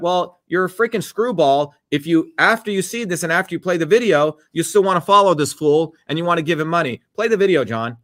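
A man hosting a heated political monologue, scornful and combative, breaking off to give quick instructions to a producer. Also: fairly high pitch, lively intonation, fairly bright tone. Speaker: political host.

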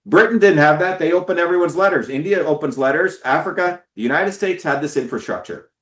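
A man's voice: a little high, fairly quick, fairly bright tone, echoey room. A man giving an impassioned, profane talk to his followers, stressing and repeating words. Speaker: political speaker.

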